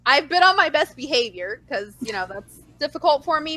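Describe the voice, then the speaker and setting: A woman co-hosting a podcast tells a workplace story in easy, chatty fashion. Her high voice swings widely as she acts out each exchange. The sound is close and dry. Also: fairly quick, dry recording. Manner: animated, acts out dialogue in her stories. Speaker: podcast co-host. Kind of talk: casual storytelling chat.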